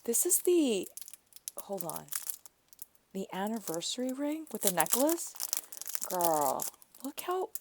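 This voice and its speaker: A woman's voice: medium pitch, very animated, slow pace, long pauses, a little mellow, slight background noise. A woman craft vlogger gushing and gasping as she unboxes birthday gifts. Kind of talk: gift unboxing vlog.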